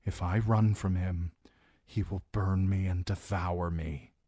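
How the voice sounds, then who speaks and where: A man's voice: sits low, steady tone, slow pace, mellow, no room sound, studio quality. A man reading a frightened young queen. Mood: grim.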